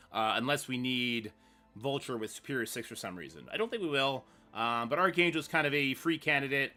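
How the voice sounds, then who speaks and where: A man streaming live gameplay, talking through his moves and ranting loudly at the game when it goes wrong. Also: medium pitch. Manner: excitable, swearing rants at the game; mutters strategy half to himself.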